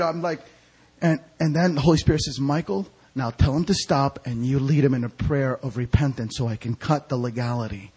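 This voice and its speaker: A man preaching a storytelling sermon as an evangelist, animated and acting out the voices of people in his stories. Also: medium pitch, a little fast, slightly rough. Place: church sanctuary.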